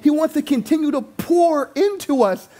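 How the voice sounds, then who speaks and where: A man's voice: very high voice, normal speed. A male pastor preaching a sermon to his congregation, acting out quoted voices as he goes. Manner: animated, acts out quotes in voices. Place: church sanctuary.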